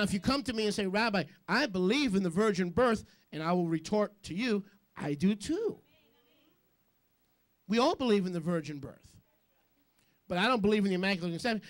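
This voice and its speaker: A man preaching a sermon as a rabbi, joking with quick asides and questioning the congregation. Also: high-pitched. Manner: jokey, rapid asides, call-and-response questions.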